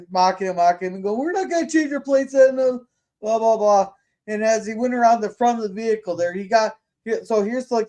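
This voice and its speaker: A podcast host, a man with a high-pitched but darkish voice, shares blunt opinions in casual chat, swearing a lot and stumbling into frequent restarts.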